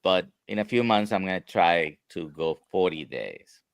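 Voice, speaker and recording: A man with a Spanish accent answering questions in a live Q&A, talking slowly and haltingly with many fillers. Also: low-pitched, expressive, clear, resonant tone, dry recording. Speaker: guest doctor. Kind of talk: live Q&A chat.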